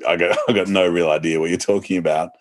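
A man's voice: deep voice, fairly even intonation, fast talker. A man with a Sydney private-school Australian accent, talking casually on a podcast about marketing, articulate, often correcting himself and laughing easily. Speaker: podcast guest, lawyer.

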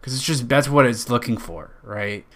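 A man's voice: mid-range voice, moderate pace, fairly bright tone. A man with a nasal Western New York accent, hosting a podcast in a rambling, profane, jokey monologue. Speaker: podcast host.

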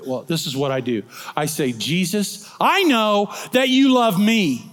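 A middle-aged male pastor preaching a sermon, moving between soft, slow passages and loud, emphatic proclaiming. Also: high voice, lively intonation. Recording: long hall reverb.

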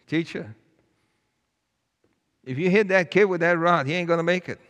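A man's voice: on the high side, normal speed, a bit bright, lo-fi sound, pitched above the performer's own voice, close to an everyday voice. A man voicing a brave schoolboy who earnestly begs to take another boy's punishment. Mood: pleading. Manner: pleading, earnest. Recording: long hall reverb.

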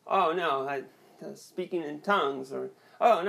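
A young man performing an awkward, rambling stand-up set with a hesitant, deadpan delivery and many restarts. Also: on the high side, moderate pace, vocal fry. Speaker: stand-up comedian.

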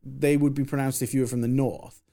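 A man's voice: mid-range voice, flat delivery, a little fast, gravelly, dark tone. A man from England, ranting bluntly and swearing in casual podcast chat. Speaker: podcast co-host.

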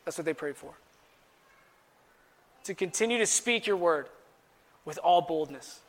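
A man's voice: on the high side, lively intonation, unhurried, in a large hall. A man, preaching as a pastor and building to emphatic passages. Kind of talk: sermon.

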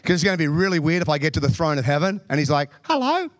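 A man preaching a sermon in a lively, joking way with quick asides. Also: fairly high pitch, background noise. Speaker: pastor.

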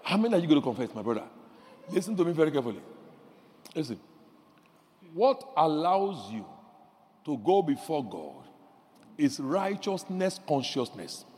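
A male pastor preaching a sermon, animated, shouting decrees and acting out little voices of the people he describes. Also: a little high, normal speed, pauses often, in a large hall.

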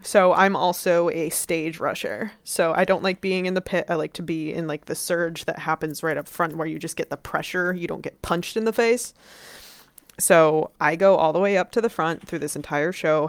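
A woman's voice: low-pitched, dry recording. A woman telling a story in casual chat, rambling, peppering her talk with "like" and swearing freely.

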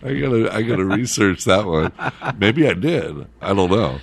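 A man's voice: fairly low pitch, animated, moderate pace, gravelly, breathy edge. A middle-aged man, a radio host and former DJ, telling loose stories in casual chat and laughing as he goes.

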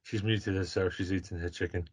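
A man's voice: sits low, fairly even intonation, brisk, slightly rough. A man hosting a podcast in casual chat, joking around, rambling and reading out listener questions. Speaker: podcast host.

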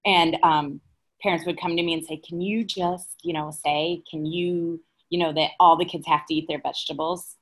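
A woman in her forties speaking as a guest educator in a relaxed interview, explaining her points through anecdotes. Her voice sits a little low for a woman. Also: moderate pace. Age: 40s. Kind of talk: casual interview chat.

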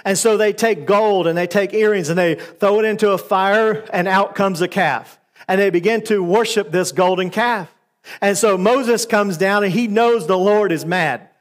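High-voiced man preaching a sermon. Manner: retells scripture conversationally with fillers and acted quotes.

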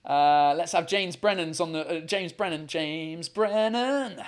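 Upbeat high-voiced man hosting callers. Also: normal speed. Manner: upbeat, chatty, stumbles and repeats words. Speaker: host of a live video call show. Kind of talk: casual live-stream chat with callers. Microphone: computer mic on a video call.

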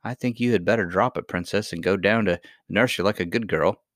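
Brief: male reader playing stubborn miner boy, gruff and sulky. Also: sits low, fairly quick, fairly bright tone, no room sound, studio quality.

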